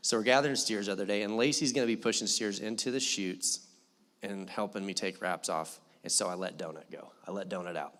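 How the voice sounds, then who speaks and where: A young male pastor giving a sermon in a church, telling a story in an animated, joking manner. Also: fairly low pitch, a little fast, in a large hall. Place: church hall.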